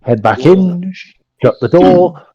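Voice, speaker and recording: A man's voice: sits high, lively intonation, takes it slowly, crowd noise. A man playing his character in a tabletop role-play game, slipping into a put-on accent as he talks. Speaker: player. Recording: dull lo-fi dry mic.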